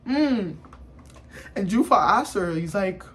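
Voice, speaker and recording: High-voiced man rambling through a review. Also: takes it slowly. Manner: rambling, full of "you know" and "like"; animated retelling of scenes. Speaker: anime reviewer. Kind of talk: casual video review.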